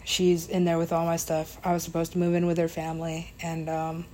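A woman's voice: lowish voice, completely flat delivery, a little fast, warm tone, slight background noise. A young woman casually telling a personal story, rambling with lots of fillers, laughing and swearing along the way.

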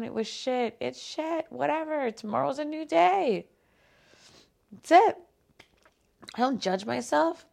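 A woman's voice: sits high, lively intonation, slow pace, vocal fry, long pauses, a little mellow. A young woman hosting a solo podcast, just woken up and yawning, talking in a rambling, self-deprecating way with many fillers and sudden drops to a whisper. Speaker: podcast host. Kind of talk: casual solo podcast monologue.

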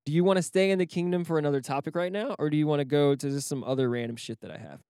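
A man's voice: a little high, racing, warm tone, clear, resonant tone, no echo, studio quality. A man co-hosting a casual podcast chat, rambling, swearing freely and laughing often. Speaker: podcast co-host.

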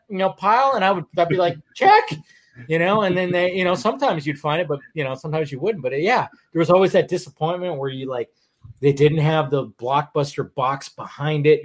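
A man hosting a casual stream chat, telling animated stories and leaping up in pitch when acting out quotes. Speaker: stream host.

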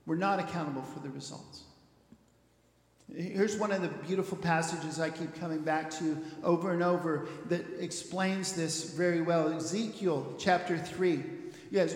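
A male pastor preaching a sermon, earnest and emphatic, rising to loud peaks. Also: on the high side. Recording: roomy hall reverb.

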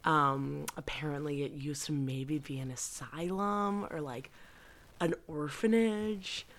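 A woman's voice: low voice, takes it slowly. A woman in her twenties, a podcast co-host, telling stories in a loose, casual way and swearing freely. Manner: loose, profane storytelling. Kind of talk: casual chat.

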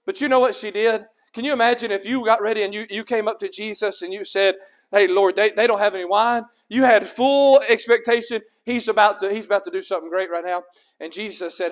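High-voiced preacher man. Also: fairly quick. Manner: preaching with rising and falling emphasis, rhetorical questions. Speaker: pastor. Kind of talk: sermon.

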